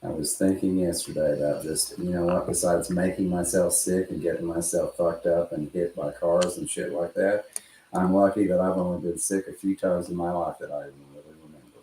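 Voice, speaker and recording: A man's voice: low-pitched, fairly even intonation, a little fast, dark tone, slight background noise. Rambling, profane man with a West Texas twang. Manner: profane, chuckling storyteller. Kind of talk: casual rambling chat. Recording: roomy echo.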